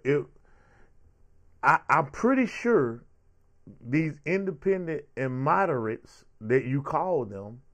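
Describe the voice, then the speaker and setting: A man hosting a show, giving heated, sarcastic political commentary with a lot of repetition. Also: on the high side. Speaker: show host.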